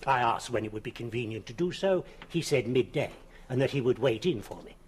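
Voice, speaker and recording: A man's voice: mid-range voice, lively intonation, slight background noise, natural voice. An actor playing a polite, hesitant male undertaker in a 1970s television police drama. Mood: deferential. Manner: hesitant, deferential, halting.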